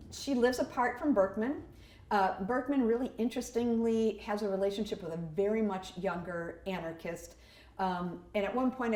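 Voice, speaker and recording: A woman's voice: fairly low pitch, a little mellow, echoey room. A woman giving an informal history presentation, chatty with many ums and uhs.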